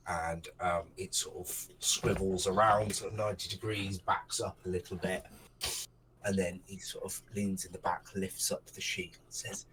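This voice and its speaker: A man's voice: low-pitched, level tone, moderate pace, fairly bright tone, slight background noise, rough recording. A man running a tabletop game as game master, narrating casually with many ums and restarts into a desk microphone.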